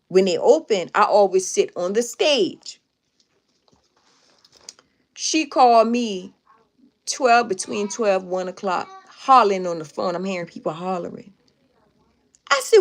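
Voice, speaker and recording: Chatting on a live stream, a woman recounts a personal story with emphatic repetition, speaking animatedly and directly to her viewers. Her voice sits at an ordinary middle pitch for a woman.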